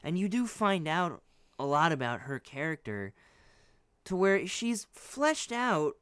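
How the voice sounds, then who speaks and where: A man's voice: on the high side, very animated, takes it slowly, fairly bright tone, smooth, no echo, clean studio sound. A man co-hosting a podcast, chatting casually and rambling, hedging with many restarts. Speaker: podcast co-host. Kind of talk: casual chat.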